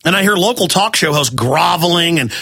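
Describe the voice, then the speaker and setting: Male talk radio host, ranting hard, high forceful voice, fires off angry questions. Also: lively intonation, creaky, breathy edge. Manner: angry, ranting, rapid-fire rhetorical questions. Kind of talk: heated talk radio rant.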